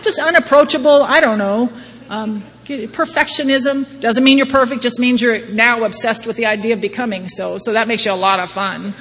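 A woman's voice: a little high, normal speed, a bit bright. A middle-aged woman giving a personal testimony talk at a recovery meeting, wry and self-deprecating, often laughing at herself. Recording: long hall reverb, faint background noise.

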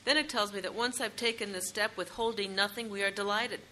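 A woman's voice: mid-range voice, fairly even intonation, fairly quick, pushed and bright, a little hiss or hum, poor audio. A woman leading a meeting, reading passages from a book aloud and summing them up. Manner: reads passages, then sums them up.

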